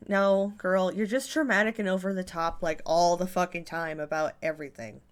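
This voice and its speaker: A woman's voice: lowish voice, fairly even intonation, normal speed, clean tone. A woman hosting a reaction commentary, sounding exasperated and sarcastic, with casual swearing. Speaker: commentary channel host.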